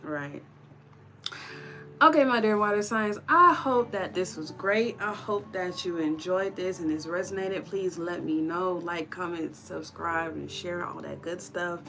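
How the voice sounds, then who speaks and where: A woman's voice: on the low side, measured pace, fairly bright tone, slight background noise. A woman giving a casual tarot reading to her viewers, chatty and encouraging, calling them y'all. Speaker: tarot reader.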